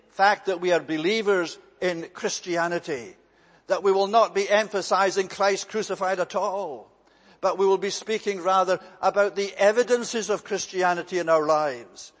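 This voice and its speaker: A man preaching a sermon in a measured, emphatic way, repeating key phrases for weight. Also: high voice, long reverb tail.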